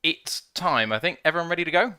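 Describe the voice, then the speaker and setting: A man's voice: fairly high pitch, expressive, fast talker, pushed and bright, clear, resonant tone, no room sound, clean studio sound. A man co-hosting a casual fan show in an easygoing, jokey way, reading out the live chat.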